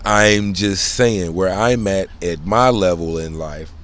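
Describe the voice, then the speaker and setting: A man speaks in a fairly low voice, talking on his own in a casual, winding monologue. He leans on street slang and swearing. He keeps checking in with the listener. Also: takes it slowly, fairly bright tone. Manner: rambling, loose slang, frequent "you know what I'm saying"; profane, conversational. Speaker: solo channel host.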